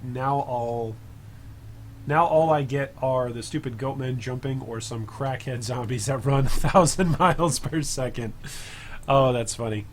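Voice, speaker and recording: A man streams a video game live, thinking out loud in a casual, rambling way and chatting with viewers between moves. His voice is medium-pitched and unhurried, with a little hiss or hum in the audio.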